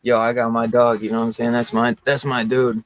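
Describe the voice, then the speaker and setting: A man in a casual chat, talking earnestly in relaxed, slang-heavy speech. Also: mid-range voice, fairly quick, a crowd in the background.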